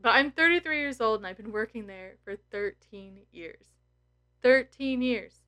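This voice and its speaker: A woman's voice: mid-range voice, expressive, normal speed, bright, forceful tone. A woman in her thirties talking candidly and emotionally to her followers, blunt and full of swearing. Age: 30s. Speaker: tarot content creator. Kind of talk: candid personal vlog.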